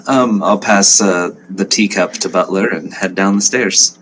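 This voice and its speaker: A man's voice: low-pitched, unhurried, a bit bright, a little hiss or hum. A man playing a tabletop game, hesitant and playful. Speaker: player.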